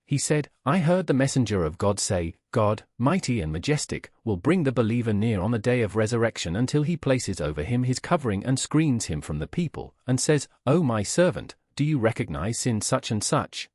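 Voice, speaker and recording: A man narrating an audiobook in a solemn, measured reading voice, voicing the quoted speakers as he goes. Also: medium pitch, very animated, darkish tone, dry recording, clean studio sound.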